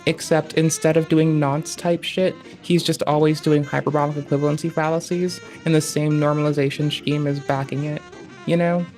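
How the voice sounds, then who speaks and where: A slightly high-voiced man talks over a stream in loose, profane commentary. He rambles and drifts between thoughts, full of slang. Faint music plays behind him. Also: level tone, normal speed, a little mellow. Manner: rambling, digressive, heavy slang and swearing. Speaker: streamer reacting to a debate.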